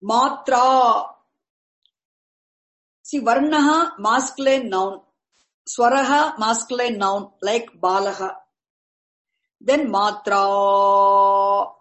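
Woman Sanskrit teacher, very slow, repeats key words, roomy echo. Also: a little high, a bit bright. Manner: deliberate, repeats key terms, glosses into Tamil. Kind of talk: slow explanatory lecture. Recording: echoey room.

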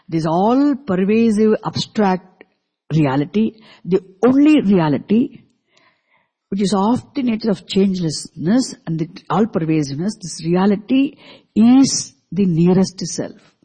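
An unhurried teacher lecturing a scripture class in a mellow, husky voice. Sanskrit terms are repeated slowly and unpacked word by word, with frequent questions put to the students. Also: mid-range voice, expressive. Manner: asks the class rhetorical questions. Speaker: Vedanta teacher.

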